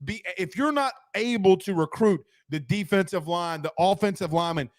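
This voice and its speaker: A man's voice: sits high, normal speed, no room sound, studio quality. A man hosting a casual sports podcast, ranting with rhetorical questions and reacting to the live chat. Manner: animated, rhetorical questions, reads chat aloud. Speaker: sports talk show host.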